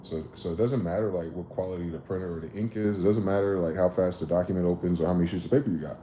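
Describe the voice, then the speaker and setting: A man's voice: sits low, very fast. Man, livestream host, profane, acts out dialogue, roomy echo, faint hum behind. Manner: animated, profane, acts out both sides of conversations. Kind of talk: casual livestream monologue. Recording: echoey room with faint ambient noise.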